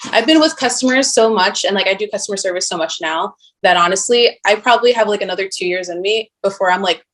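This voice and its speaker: A young woman, a podcast guest, chatting casually and bluntly, telling animated stories full of "like". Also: mid-range voice, fast. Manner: blunt, animated storytelling with lots of "like". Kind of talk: casual chat.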